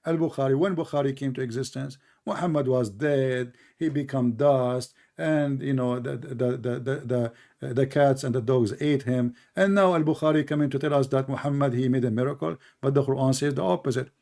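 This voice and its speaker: A man's voice: medium pitch, steady tone, normal speed, vocal fry, few pauses, mellow. A man hosting a debate, speaking combative, sarcastic English that is not his first language. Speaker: debate host. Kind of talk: mocking religious debate.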